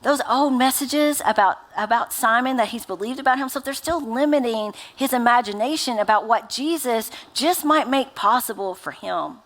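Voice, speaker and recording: A woman's voice: a little high, moderate pace, hardly any pauses, fairly bright tone. A woman pastor in her thirties preaching a sermon in a chatty, conversational way, full of filler words. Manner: conversational, uses many fillers like "like" and "right?".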